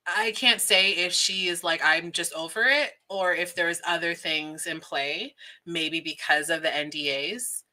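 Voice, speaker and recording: Woman, livestream host, bright, chatty, frequent laughter, reads comments aloud. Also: deep voice.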